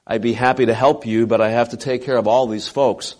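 A man voicing a calm, witty female airline gate agent in a sermon anecdote, speaking courteously. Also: mid-range voice, fairly quick, lightly acted. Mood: polite.

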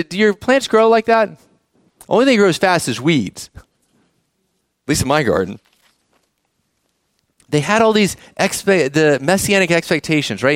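A church pastor preaches a sermon in a conversational way, frequently putting questions to the congregation. His voice is fairly high, and the studio-quality recording has no echo.

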